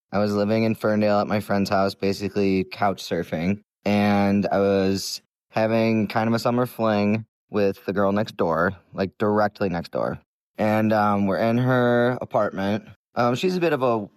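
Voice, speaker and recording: Man, low voice, rambling storyteller, lots of fillers, dry sound. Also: clear, resonant tone, no echo. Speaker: listener telling a story. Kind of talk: casual recorded storytelling.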